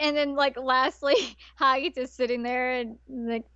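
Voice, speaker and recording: Female co-host, higher voice, animated chatty recap, dry muffled podcast audio. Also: fairly quick, clear, resonant tone, no echo. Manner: animated, acts out characters' lines with laughs. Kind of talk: casual anime review chat.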